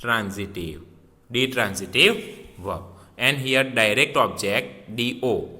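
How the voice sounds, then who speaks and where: Slow, sharp-toned teacher in a reverberant room. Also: male voice, medium pitch. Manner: repeats words, asks and answers his own questions. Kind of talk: classroom grammar lesson. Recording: long reverb in a hall.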